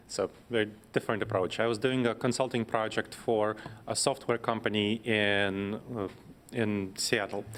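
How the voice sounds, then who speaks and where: Man, consultant, panel talk, measured, explanatory. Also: medium pitch.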